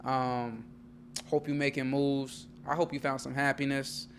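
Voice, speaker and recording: A man's voice: medium pitch, level tone, a little slow, a bit bright, slight background noise. A man co-hosting a casual chat podcast, talking in a laid-back, slangy way that trails off and restarts. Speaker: podcast co-host.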